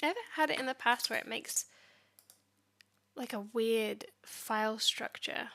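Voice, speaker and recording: High-pitched gravelly woman muttering at her code, fed up with the ai tool. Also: measured pace. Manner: exasperated, talking back at the software. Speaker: tech vlogger. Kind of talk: screen-recorded coding commentary.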